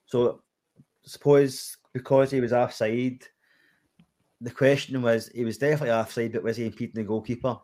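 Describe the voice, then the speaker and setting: A man's voice: medium pitch, steady tone, normal speed, dark tone. A Scottish man hosting a podcast, leading the segments in a casual, easygoing football chat. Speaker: podcast host.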